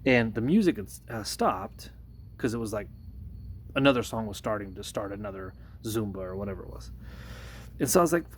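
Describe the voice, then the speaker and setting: An earnest man with a fairly low voice speaks to his phone camera in a casual vlog. He talks hesitantly, restarting his sentences, and his voice climbs higher when the story gets heated. Faint noise sits under the recording. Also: lively intonation, brisk. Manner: earnest, hesitant, many restarts, rises in pitch when retelling the confrontation. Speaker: workplace de-escalator.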